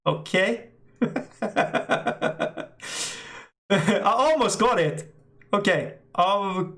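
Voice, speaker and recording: A middle-aged man, an English speaker, hosting a casual live stream and reading out chat, halting with many fillers and frequent laughs. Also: fairly high pitch, a bit bright.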